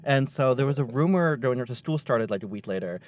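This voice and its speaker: A young man casually telling a wild story from his high school days, acting out the voices of the people in it. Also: a little fast. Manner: animated, acts out quoted voices. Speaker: storyteller guest.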